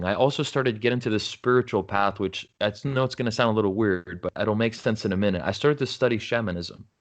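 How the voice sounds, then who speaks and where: A man's voice: on the low side, fast, hardly any pauses. A man speaking as a podcast guest, telling his story frankly and earnestly, often saying "you know" and "right?" and restarting his sentences. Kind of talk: candid conversational storytelling.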